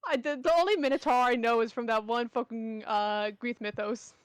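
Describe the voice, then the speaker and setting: A woman chatting casually with a friend about a fantasy world, teasing her with deadpan jokes. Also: on the high side, moderate pace, clear, resonant tone, no room sound.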